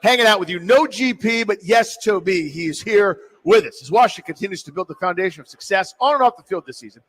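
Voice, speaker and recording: A man hosting sports talk radio, animated and jokey in casual talk. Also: sits high, quick pace, poor audio.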